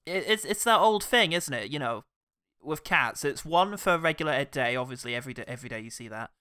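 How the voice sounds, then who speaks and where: A man co-hosts a comedic film review podcast, joking and laughing as he goes. His bright voice swings widely in pitch. The recording is dry and close. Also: a little fast, clean tone, dry recording. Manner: joking, giggly, with animated voice swings. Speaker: podcast co-host.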